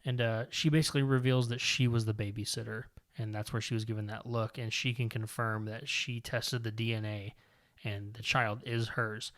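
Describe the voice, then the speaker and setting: A man's voice: on the low side, flat delivery, normal speed, a bit bright. Rambling male podcast co-host. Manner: rambling, with many fillers and self-corrections. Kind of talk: casual podcast chat recapping a comic.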